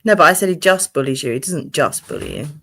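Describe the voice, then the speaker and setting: A woman's voice: deep voice, lively intonation, fast, bright, forceful tone, husky. A sleepy woman, co-hosting a livestream and chatting casually, sighing and easily exasperated. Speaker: livestream co-host.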